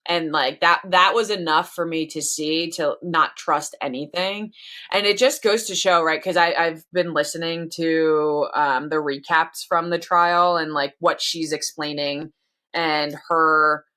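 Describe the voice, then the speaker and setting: A pregnant woman co-hosting a podcast, chatting casually and rambling through her thoughts with plenty of restarts. Her voice sits a little low for a woman. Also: steady tone, a little slow, pushed and bright. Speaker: podcast co-host. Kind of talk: casual chat.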